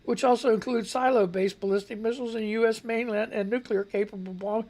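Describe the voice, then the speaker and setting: Male radio host with a gravelly, slightly rough voice; reads news copy, then rants sarcastically with profanity. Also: high voice, fairly even intonation, fast talker, a little mellow. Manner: sarcastic, profane ranting while reading news. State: voice not quite right. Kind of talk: live radio news commentary.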